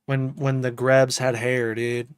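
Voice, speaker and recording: A man's voice: medium pitch, little pitch movement, slow, smooth, no room sound. A man casually chatting to his live-stream chat as a music producer, loose and enthusiastic, dropping "dude" and "bro" often.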